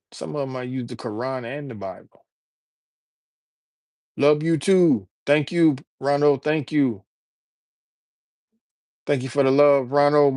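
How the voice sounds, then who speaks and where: A man from Alabama, chatting casually on a livestream and shouting out viewers by name. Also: mid-range voice, dry recording. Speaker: livestreamer and rapper. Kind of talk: casual live-stream chat.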